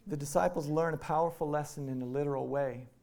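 A man's voice: a little high, steady tone, fast, gravelly, a little mellow. A man from Iowa preaching a sermon in a conversational way, acting out the quoted lines. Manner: conversational, acts out quotes in voices. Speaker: pastor.

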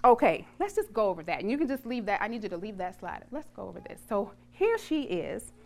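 A woman preacher retelling a Bible story in a sermon, dramatic and lively with touches of humor. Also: medium pitch, fairly quick, vocal fry.

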